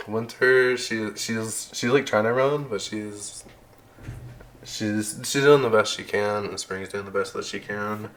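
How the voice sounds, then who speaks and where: A man runs a tabletop game in a slow, low-pitched voice. He narrates casually and haltingly, often restarting his sentences. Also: a bit bright, slight background noise. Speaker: game master.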